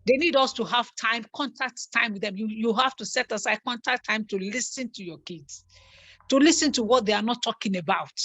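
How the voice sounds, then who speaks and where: Earnest woman, a little high. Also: fairly quick, no room sound. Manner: animated, repeats herself for emphasis. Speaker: guest on a talk show. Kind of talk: earnest conversational storytelling.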